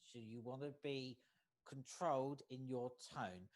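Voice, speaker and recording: A facilitator teaches an online workshop in a steady, deliberate way. Points come one at a time, each capped with a quick "okay?" to keep the remote group following. The voice comes through a video-call mic. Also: mid-range voice. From United States. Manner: measured, often checks in with "okay?". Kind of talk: online training lecture.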